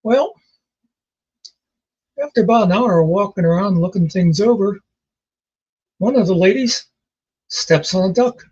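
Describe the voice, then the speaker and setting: A man's voice: high-pitched, a little slow, long pauses, darkish tone, slightly rough, dull audio. A man casually telling jokes as host, rambling and folksy in his storytelling.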